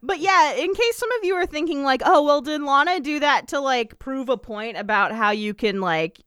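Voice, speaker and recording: A woman's voice: high voice, expressive, normal speed, fairly bright tone, dry recording, studio quality. A woman co-hosting a podcast in casual chat, sarcastic and swearing freely. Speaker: podcast co-host.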